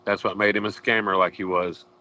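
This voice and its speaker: A man's voice: on the low side, little pitch movement, fairly quick, pushed and bright. A man on a livestream panel, matter-of-fact and knowing. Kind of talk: casual livestream chat.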